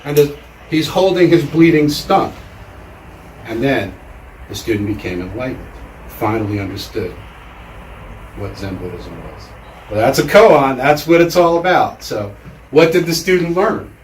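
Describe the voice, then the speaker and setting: A man tells a teaching story at a measured pace, pausing deliberately between thoughts. His mid-range voice echoes around a lecture room, picked up from a distance. A faint hum sits behind him. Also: medium pitch, expressive. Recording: roomy hall, mic far off.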